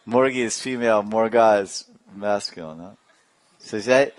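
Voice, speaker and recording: Low-voiced man telling devotional stories. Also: slow pace, long pauses, dry recording. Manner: animated storyteller with sound effects and asides. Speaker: spiritual teacher. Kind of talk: devotional storytelling class.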